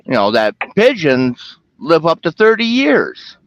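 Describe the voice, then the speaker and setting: A man's voice: a little high, wildly swooping pitch, a little slow, no room sound, lo-fi sound. A man guesting on a casual chat, sharing an odd fact and joking about it, with a lot of fillers and chuckles.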